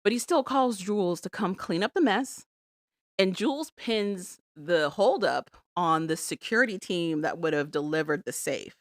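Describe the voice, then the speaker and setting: Podcast co-host, woman, lowish voice, lively recap storyteller, dry studio mic. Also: moderate pace, no room sound. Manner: animated storytelling, acts out quotes. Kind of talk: casual recap chat.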